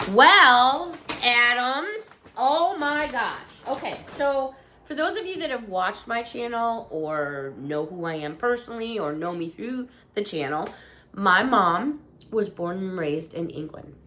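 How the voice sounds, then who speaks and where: A woman's voice: mid-range voice, expressive, unhurried, sharp tone, slight background noise. Gushing chatty woman vlogger. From United States. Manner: gushing, chatty, emotional about British treats. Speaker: vlogger showing a shopping haul. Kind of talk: casual chat.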